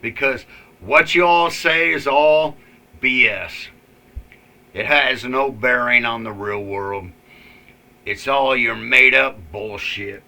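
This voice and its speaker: A man's voice: medium pitch, slow pace, sharp tone. A man ranting angrily in a rambling, profane vlog with many fillers. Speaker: vlogger. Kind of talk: ranting political commentary.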